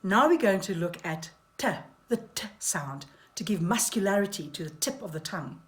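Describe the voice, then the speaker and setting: A woman's voice: mid-range voice, animated, normal speed. A woman giving a voice and speech lesson for actors, demonstrating tongue exercises aloud with wry asides. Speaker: voice coach.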